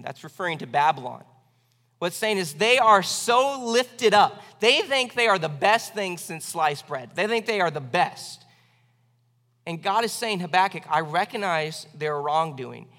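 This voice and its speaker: A man's voice: high-pitched, a bit bright, in a large hall. A man preaching a sermon as pastor, earnest and conversational, often restarting his phrases.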